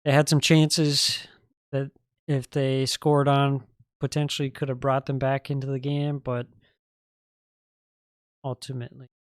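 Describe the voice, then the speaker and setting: A man co-hosts a football podcast, walking through matches in a relaxed, easygoing way with plenty of fillers. His voice sits at an ordinary middle pitch. The sound is dry and close, with no room around it. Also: smooth, no room sound. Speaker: podcast co-host. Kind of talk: casual football match recap.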